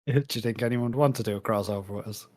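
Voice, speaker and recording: A man with a fairly low voice, chatting on a podcast panel. His delivery is dry and sarcastic, full of teasing asides. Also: steady tone, fast, a little mellow. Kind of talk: casual podcast chat.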